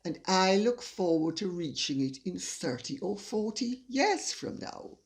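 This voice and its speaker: A woman's voice: medium pitch, lively intonation, measured pace. An older woman hosting her channel, reading viewer messages aloud and laughing often as she reads. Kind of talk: casual chat.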